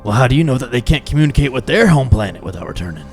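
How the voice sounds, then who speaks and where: A man playing a gravelly, stern starship captain. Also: mid-range voice, very animated, darkish tone, soft background music. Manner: deliberate, commanding.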